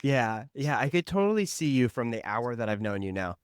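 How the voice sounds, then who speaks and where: A male podcast host chats in an easygoing, agreeable way and laughs along readily. His voice is smooth and resonant, pitched in the middle. It is recorded close and dry, with no room echo. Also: big pitch swings, brisk. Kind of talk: casual interview.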